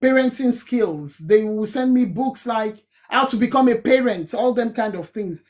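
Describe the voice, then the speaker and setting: A woman's voice: a little high, normal speed, darkish tone. A woman with a Nigerian accent hosting a live stream, speaking emphatically and repeating her points. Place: home in Manchester.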